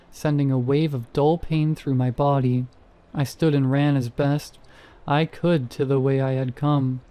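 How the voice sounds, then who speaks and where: A man narrating a first-person horror story in a measured, tense delivery. His voice is dark and mellow, sitting at an everyday pitch for a man.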